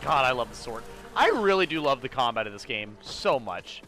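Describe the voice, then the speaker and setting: A young man streaming a video game, chatting casually with his viewers, excitable and quick to swear. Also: mid-range voice, faint music behind. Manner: excitable, swears often, talks to chat. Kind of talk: casual live-stream commentary.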